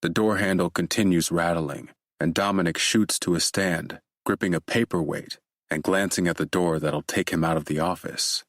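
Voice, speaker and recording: A man narrating a thriller audiobook in a steady, measured way. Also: sits low, no room sound, clean studio sound.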